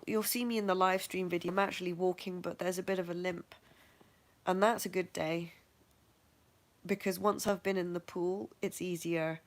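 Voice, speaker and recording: A middle-aged woman with a fairly low voice tells her own story in a frank, matter-of-fact way. She keeps laughing at herself as she goes. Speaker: vlogger sharing her health journey. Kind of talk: candid personal storytelling.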